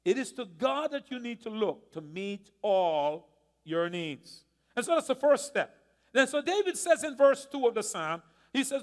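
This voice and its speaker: A man's voice: extremely high pitch, expressive, normal speed, big-room sound. A male pastor preaching a sermon, asking the congregation to answer and repeat lines back. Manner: preaching with call-and-response questions to the congregation. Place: church sanctuary.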